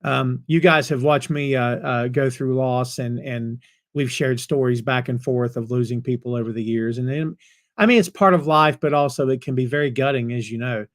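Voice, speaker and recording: A man's voice: medium pitch, steady tone, moderate pace. A man hosting a wrestling podcast, chatting casually with live viewers and greeting them by name. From North Carolina. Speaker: podcast host. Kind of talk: casual chat reading live comments.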